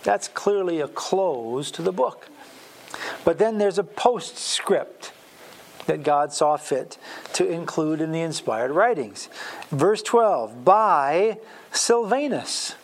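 A man's voice: fairly high pitch, lively intonation, slow, creaky, a little mellow, a little hiss or hum. A man from Wisconsin teaching a Bible lesson in a sermon style, emphatic and full of fillers and restarts.

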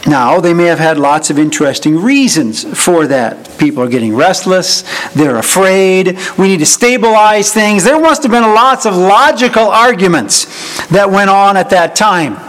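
High-voiced preacher man. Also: expressive, moderate pace, fairly bright tone, a little hiss or hum, rough recording. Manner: acts out quoted voices, dry humor. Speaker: pastor. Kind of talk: sermon.

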